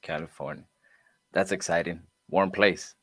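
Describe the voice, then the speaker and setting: A man practicing a sales script as a trainee, rehearsing lines in a measured way with short fillers. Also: low voice, fairly even intonation.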